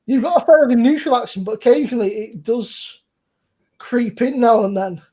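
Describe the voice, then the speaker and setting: A young man with a Bristol accent hosts a relaxed chat over beers. His voice is husky and a little breathy. He rambles along in a laid-back way, swearing freely as he talks. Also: extremely high pitch, moderate pace. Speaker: podcast host.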